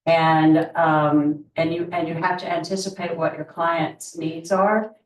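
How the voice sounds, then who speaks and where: A woman's voice: sits low, unhurried. Middle-aged lady rambling thru a story at a team meeting, roomy far-off mic. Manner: rambling, animated storytelling with lots of restarts. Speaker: real estate agent.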